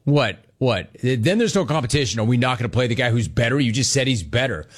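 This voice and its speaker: A man hosting a sports talk show, giving opinionated commentary with animated delivery, mocking mimicry and frequent laughs. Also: medium pitch, fast.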